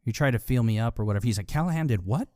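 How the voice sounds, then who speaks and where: A man's voice: medium pitch, animated, very fast, a little mellow, no echo, clean studio sound. A man co-hosting a podcast, casually recapping a movie and chiming in with short quips and quoted lines. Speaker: podcast co-host.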